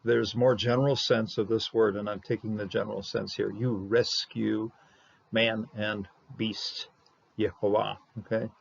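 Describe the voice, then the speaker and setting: A man teaching a Hebrew Bible passage word by word, halting with many fillers and sounding out the Hebrew slowly. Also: on the low side, level tone, gravelly, breathy edge. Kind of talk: verse-by-verse Hebrew lesson. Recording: dull lo-fi sound.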